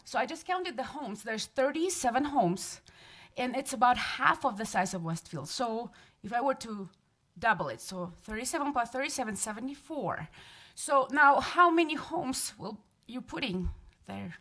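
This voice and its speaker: A woman's voice: on the high side, expressive, moderate pace, fairly bright tone. A woman in her thirties giving public comment at a council meeting, emotional and pleading, often restarting her sentences. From from another place. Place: city council chamber.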